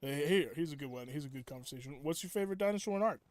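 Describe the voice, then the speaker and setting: Young male streamer, slightly high voice, rambling filler-heavy chat, dry close sound. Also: lively intonation, rapid-fire, dry recording. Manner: rambling, filler-heavy, self-interrupting storytelling. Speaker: game streamer. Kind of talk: casual live-stream chat.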